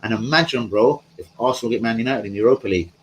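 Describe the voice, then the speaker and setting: A man's voice: mid-range voice, quick pace, slight background noise, rough recording. A man hosting a live stream from home, chatting casually in a rambling, slangy way and talking to his viewers. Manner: rambling, slangy, talks to chat.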